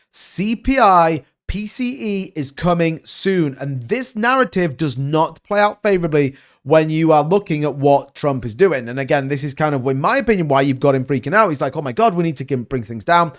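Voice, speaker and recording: A man giving casual crypto market commentary, animated and emphatic, rambling from point to point. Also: fairly high pitch, a little fast, hardly any pauses.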